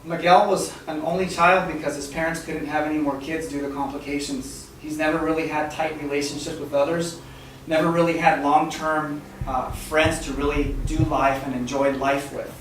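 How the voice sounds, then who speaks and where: A man preaching a sermon as a story, soft-spoken and halting, with many fillers and repeated words. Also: on the high side, flat delivery. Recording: very echoey hall, mic far off, faint noise.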